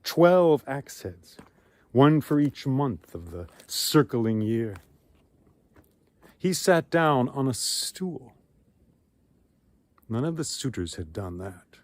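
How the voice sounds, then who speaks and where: A man's voice: medium pitch, very animated, slow, long pauses, a little mellow, dry recording. A man telling an ancient myth outdoors, with dramatic shifts in pace and volume. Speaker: storyteller. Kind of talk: oral storytelling of myth. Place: outdoors among ruins.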